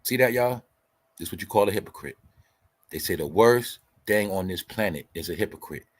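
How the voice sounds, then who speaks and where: A male host with a lowish voice gives a heated commentary rant. He swears freely and argues hard, lecturing his audience. He hammers the same points over and over. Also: lively intonation, brisk. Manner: profane, combative, lecturing; repeats points for emphasis.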